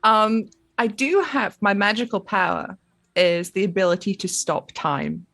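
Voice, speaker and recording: Woman tabletop player, lively pitch, slow husky voice, dry sound. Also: no echo. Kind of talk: casual role-play chat.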